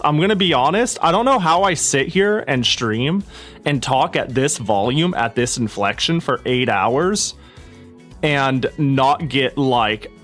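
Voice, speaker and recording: A man's voice: on the high side, fairly bright tone. A man streaming live, chatting casually and rambling with many restarts and swearing, slightly out of breath. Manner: rambling, self-interrupting, swears freely.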